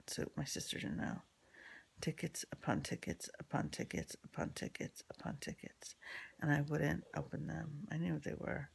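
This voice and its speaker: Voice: mid-range voice, vocal fry, fairly bright tone, husky. A speaker telling a rambling personal story in casual talk, swearing freely, full of fillers and restarts, often dropping into whispered asides. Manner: drops into unvoiced whispery asides.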